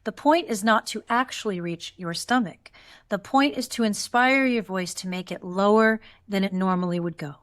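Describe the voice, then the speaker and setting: A woman voice teacher talks a class through a guided vocal exercise in a calm, encouraging tone. She shows each step with sighs and yawns and walks the listener along. Her voice sits at an ordinary middle pitch for a woman. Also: normal speed.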